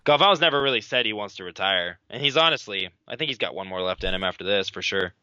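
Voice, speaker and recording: A man's voice: on the low side, fast, smooth, no echo, highs cut off. A man co-hosting a podcast, playfully commenting on grappling matches with a friend. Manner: lively, playful, teasing. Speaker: podcast co-host. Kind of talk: casual live commentary chat.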